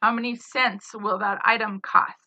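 A woman teaching spelling, saying each word slowly, spelling it letter by letter and using it in a sentence. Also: medium pitch, steady tone, pushed and bright. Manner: spells words letter by letter, then gives example sentences. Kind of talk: slow dictation of spelling words. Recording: slightly dull lo-fi sound.

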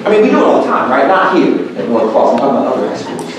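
A man's voice: medium pitch, very animated, fast, vocal fry, background noise. A man giving a motivational talk to a school audience, telling stories and acting out the voices of the people in them. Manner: storytelling, acts out quoted voices. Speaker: guest speaker. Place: school auditorium. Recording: very echoey hall, mic far off.

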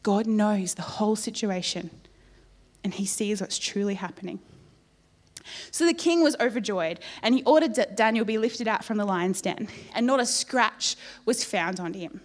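A woman preaching a sermon in church, telling the story in a lively way with playful asides to the congregation. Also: mid-range voice, moderate pace.

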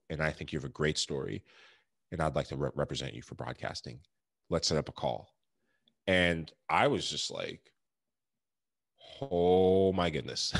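A man's voice: extremely low pitch, gravelly, no echo, clean studio sound. A man in his thirties telling his story in an interview, earnest and reflective, laughing often. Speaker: podcast guest, former pro athlete.

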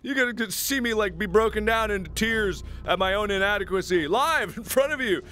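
A man in his twenties playing a game and chatting jokily with his viewers in an excitable way. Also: sits high, fairly quick, a little hiss or hum. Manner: excitable, jokey, talks to viewers. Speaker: gaming host. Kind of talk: let's play commentary.

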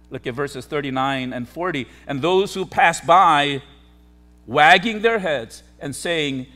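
A man, a pastor, preaching a sermon with emphatic, repetitive phrasing and sharp swings between loud declarations and hushed asides. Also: a little high.

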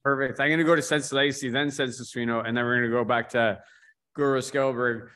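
A man hosting a relaxed martial arts podcast, with a middle-pitched, ordinary voice. He tells his stories plainly and turns the talk over to each guest in turn. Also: a little fast. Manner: storytelling, calls on guests in turn. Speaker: podcast host. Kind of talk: casual martial arts chat.

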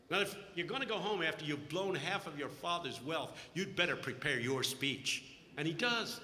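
A man preaching a lively, joke-filled sermon at a conference. His voice is high and sharply bright. It echoes through a large hall with a long reverb tail. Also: normal speed. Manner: joking, animated storytelling. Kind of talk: humorous sermon.

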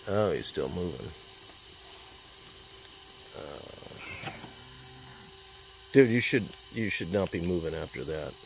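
Man, slightly low voice, casual rambling hunting vlog, profane, outdoors at night, handheld camera, loud insect chorus. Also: slight background noise. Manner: rambling, profane, talks to the animal and his dog. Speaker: hunting vlogger.

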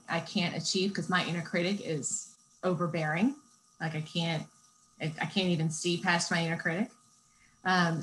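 A woman's voice: fairly low pitch, slight background noise, poor audio. A woman therapist talking as a podcast guest, explaining in a reflective, patient way. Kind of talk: casual conversation.

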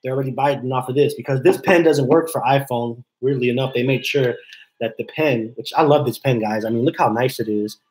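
A man's voice: mid-range voice, a little fast, a little mellow, rough recording. A man hosting a casual live stream from his home office, rambling and repeating himself as he reads chat messages aloud. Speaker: livestream host.

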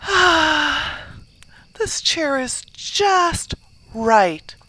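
A woman's voice: high-pitched, big pitch swings, extremely slow, sharp tone, slight background noise, heavily acted. A woman voicing a fussy little girl in a storybook reading, with a whiny edge to her lines. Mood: content. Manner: whiny, then sighing contentedly. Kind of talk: storybook read-aloud.

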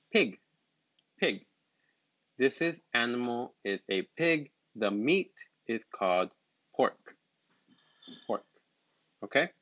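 A man teaching basic English vocabulary, speaking slowly with simple words and repeating each word patiently. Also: mid-range voice, a bit bright, no room sound. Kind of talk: slow, simple vocabulary lesson. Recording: dull, lo-fi sound.

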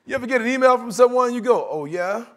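A man preaching a sermon in a conversational, animated way, acting out quotes and laughing along with his points. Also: very high voice, rapid-fire.

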